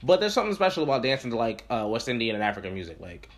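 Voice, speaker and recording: A man co-hosting a casual music podcast, talking in fast, profane, animated banter. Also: mid-range voice. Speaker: podcast co-host.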